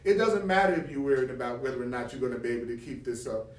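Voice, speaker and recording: A man teaches from a spiritual text, reading passages aloud and then unpacking them with rhetorical questions and acted-out sample dialogue. His mid-range voice moves quickly and sounds animated, captured far from the mic in a roomy space.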